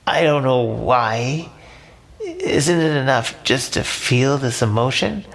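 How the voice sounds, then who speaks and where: A man's voice: mid-range voice, big pitch swings, slow pace, gravelly, a bit bright, pitched above the performer's own voice, exaggerated voice. A man voicing a small, frightened young male fish in a storybook, talking in a pleading, whiny way.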